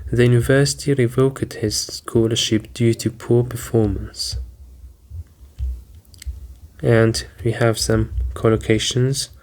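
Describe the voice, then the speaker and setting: A man teaching vocabulary, deliberately repeating each word and spelling out its syllables and stress. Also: medium pitch, a little mellow. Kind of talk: slow, careful vocabulary lesson.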